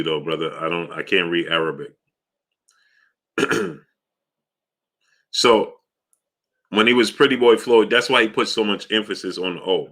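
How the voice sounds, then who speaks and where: A man's voice: low-pitched, sharp tone. A man hosting a casual live stream, greeting viewers by name, reading their comments and asking for likes.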